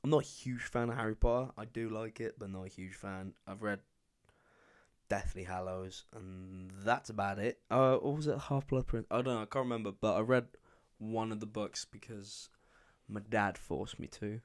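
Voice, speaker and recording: A man's voice: lowish voice, normal speed. A young man from England hosting his own podcast alone, chatting casually and rambling from topic to topic. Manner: rambling, chatty, self-deprecating. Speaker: podcast host. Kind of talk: casual solo podcast chat.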